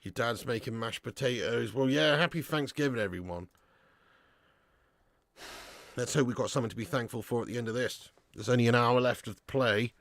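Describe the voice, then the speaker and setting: Speaking at normal speed, a young man runs a live football watch-along, casually commentating and reading out chat. He shouts and swears at players before sinking into low mutters; the studio audio is clean, with no room sound.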